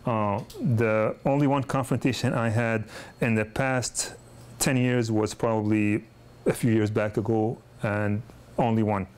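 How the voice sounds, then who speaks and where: A man's voice: fairly low pitch, fairly even intonation, a little slow, a little mellow, clear, resonant tone. Conversational middle-aged man lecturing. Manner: conversational, with frequent restarts and repeated words. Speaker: pediatric dentist teaching a course. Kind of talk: lecture with personal anecdotes.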